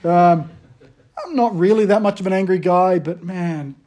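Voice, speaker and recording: A high-voiced pastor in his thirties, talking to his congregation like a friend. He tells stories against himself with animated energy. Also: moderate pace. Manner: self-deprecating, animated storytelling. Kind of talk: casual conversational sermon.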